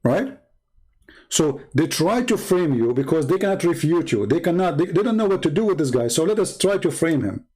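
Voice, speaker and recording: A man's voice: on the high side, big pitch swings, moderate pace, a little mellow, slightly rough. A man hosting a livestream, talking in a blunt, combative and repetitive way. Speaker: host. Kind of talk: livestream commentary.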